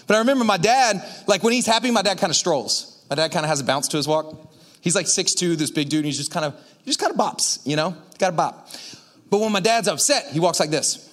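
Male pastor, high voice, lively and chatty preaching, talks straight to the room. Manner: energetic, chatty, lots of "like" and asides to the crowd. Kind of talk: casual sermon.

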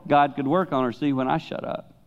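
In a lo-fi recording, a middle-aged man with a fairly high voice preaches briskly to a youth congregation as a traveling preacher. He tells animated stories and speaks in a candid, confessional manner.

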